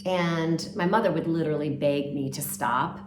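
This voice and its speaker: A woman telling her career story in a casual, animated way with chatty fillers. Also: low-pitched, normal speed, background noise. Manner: animated, acts out quoted voices, chatty fillers. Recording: roomy echo.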